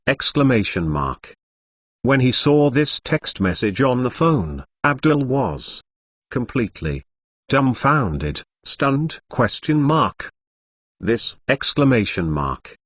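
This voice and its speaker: A man's voice: mid-range voice, fairly bright tone, dry recording. Synthetic male voice reading a novel aloud. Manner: reads punctuation marks aloud; stilted, unnatural phrasing. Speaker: narrator. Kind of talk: machine-read web novel narration.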